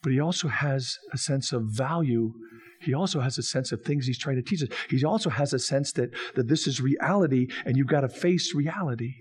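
A man's voice: medium pitch, a little fast, husky. A man preaching a sermon as pastor, building emphasis through repeated phrases. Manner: preaching with rising emphatic repetition.

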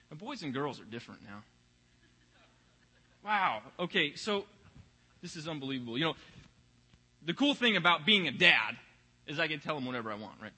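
Bright and forceful, a young man's voice on the high side carries a conversational sermon through the long reverb of a big church hall. The pastor frequently repeats words while finding his place.

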